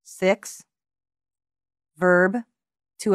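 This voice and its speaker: A woman reads a language lesson aloud at a very slow, deliberate pace, enunciating every word carefully. Her voice sits a little low, and the recording is close and dry, with no room sound. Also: no room sound. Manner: measured, carefully enunciated, pausing between words. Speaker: language teacher reading examples.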